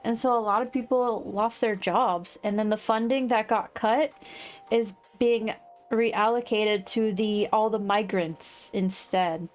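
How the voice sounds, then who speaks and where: A woman livestreaming casual chat, rambling and quick to laugh. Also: mid-range voice, steady tone, faint music behind. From United States.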